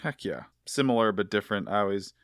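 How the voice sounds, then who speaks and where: Podcast host guy, kinda low voice, enthusiastic and chatty, dry close mic. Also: animated, quick pace, fairly bright tone, dry recording. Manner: enthusiastic, chatty, with filler words. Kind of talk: casual podcast interview. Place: podcast studio.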